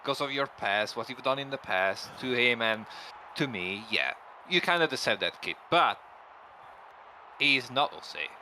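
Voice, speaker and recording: A man's voice: medium pitch, expressive, a little slow, pushed and bright, a little hiss or hum, exaggerated voice, low-quality recording. A man voicing a level-headed male wrestler in an amateur voice drama, soothing and often saying okay. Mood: frank. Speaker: wrestler character.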